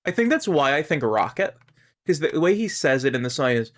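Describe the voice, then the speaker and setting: A Canadian man chats casually while streaming a game, rambling and musing aloud. His voice is a little high and fairly bright, animated, at a moderate pace.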